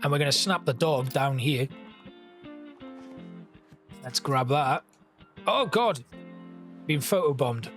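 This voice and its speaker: Male gameplay commentator, relaxed and chatty, a bit higher-pitched than most men, soft music under him. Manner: chatty, thinks aloud, reads game text.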